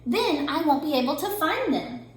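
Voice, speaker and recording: A woman's voice: sits high, big pitch swings, moderate pace. A woman voicing a cranky bunny in a storybook reading, grumbling and complaining. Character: grumbling bunny who loves winter. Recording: very echoey room.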